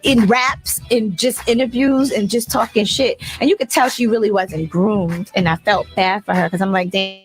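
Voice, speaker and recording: Blunt, animated Brooklyn woman. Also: mid-range voice, moderate pace, hardly any pauses, soft background music, poor audio. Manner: blunt, animated, acts out others' voices. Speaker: rapper guest. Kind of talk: casual interview storytelling.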